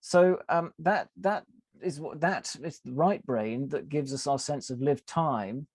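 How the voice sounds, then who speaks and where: A man's voice: on the high side, unhurried, darkish tone, slightly rough, no room sound. A man, a guest on a podcast, explaining his ideas at length in a thoughtful, hesitant way, full of fillers and restarts. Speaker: podcast guest, advertising author. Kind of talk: conversational interview explanation.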